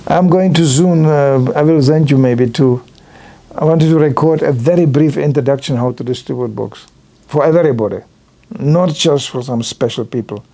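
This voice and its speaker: A man's voice: fairly high pitch, normal speed, warm tone. An older man giving an informal religious talk at a temple, telling anecdotes with slightly non-native phrasing and acting out other people's lines in changed voices. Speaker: visiting lecturer at a temple.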